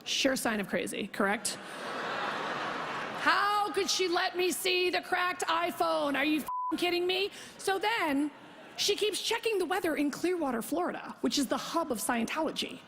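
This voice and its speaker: A woman doing a stand-up comedy set, telling a story in a brash, profane, fast way and acting out both sides of the conversations. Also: extremely high pitch, lively intonation, fairly bright tone, slight background noise. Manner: brash, profane, rapid storytelling with mock-quoted dialogue. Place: theater stage before a live audience. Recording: live concert recording with hall reverb.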